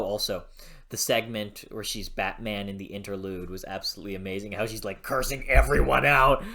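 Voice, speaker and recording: A bright, sharp-toned book reviewer talking casually on camera. The reviewer gushes with excitement, laughs often and swears freely, swinging between hushed thought and loud enthusiasm. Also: medium pitch.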